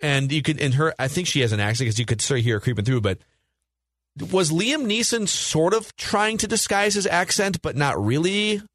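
A man's voice: a little high, expressive, moderate pace, a bit bright, no echo, clean studio sound. A man co-hosting a casual film podcast, leading the talk and quizzing the others. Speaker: podcast co-host.

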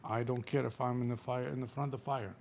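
A man's voice: mid-range voice, flat delivery, fast, gravelly, darkish tone, slight background noise. Earnest man speaking broken English. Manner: earnest, non-native English. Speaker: guest, liquor store owner. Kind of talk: casual podcast chat.

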